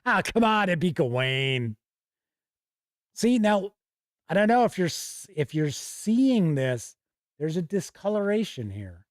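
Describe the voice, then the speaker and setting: A man's voice: sits high, big pitch swings, slow pace, no room sound, clean studio sound. A man hosting a tabletop game show, chatting casually and reading lists aloud from a rulebook with small asides and self-corrections. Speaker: show host reviewing tabletop RPG books.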